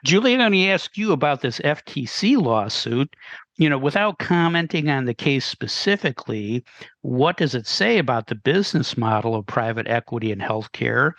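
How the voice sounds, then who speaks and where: A man moderating a podcast discussion, asking questions in a brisk, direct way. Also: mid-range voice, very animated, fairly bright tone, dry recording.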